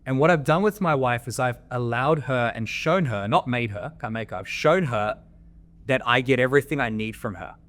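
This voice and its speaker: A man's voice: medium pitch, expressive, normal speed, fairly bright tone. Blunt, foul-mouthed man. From Australia. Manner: blunt, swears freely, coaching tone. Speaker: podcast guest, men's coach. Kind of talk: candid interview storytelling.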